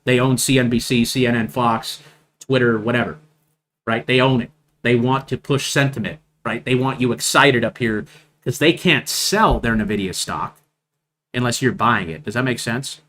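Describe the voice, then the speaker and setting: Male stream host doing casual chart commentary, bright, forceful tone, keeps hammering the same point. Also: medium pitch, moderate pace, a little hiss or hum. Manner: emphatic, repeats points, asks "right?" often. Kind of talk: live market commentary over charts.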